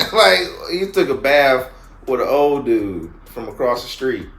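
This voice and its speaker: A man's voice: medium pitch, measured pace. A man hosting a reaction video, chatting casually and laughing often. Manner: laughs often, relaxed comments. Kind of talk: casual chat reacting to a clip. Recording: echoey room with noise.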